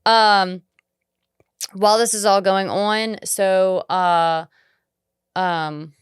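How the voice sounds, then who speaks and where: Smooth-voiced woman recapping a movie plot. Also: mid-range voice, fairly even intonation, extremely slow, no room sound. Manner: laid-back plot recapping, dry teasing asides. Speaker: podcast co-host. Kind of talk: casual movie-review chat.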